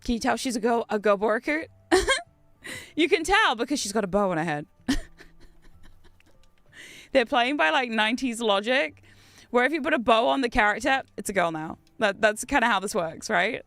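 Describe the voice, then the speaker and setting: An Australian woman streaming a game, chatting casually with viewers in an excitable, talkative way and laughing often. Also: a little high, moderate pace, pauses often, dry recording, soft background music. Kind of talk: casual gameplay chat with viewers.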